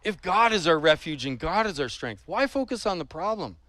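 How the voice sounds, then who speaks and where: A man's voice: high voice, very animated, fairly quick, pushed and bright, no echo. A man preaching a sermon in an earnest, emphatic way, repeating his points and asking rhetorical questions of the congregation.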